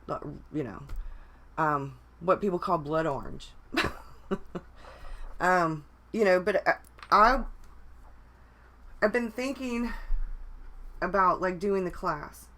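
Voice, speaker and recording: A woman with a fairly low voice chats casually on a livestream. She rambles along, restarting her sentences and filling pauses with ums and likes. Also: sharp tone. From United States. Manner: rambling, with many restarts and fillers. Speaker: vlogger. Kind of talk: casual live chat.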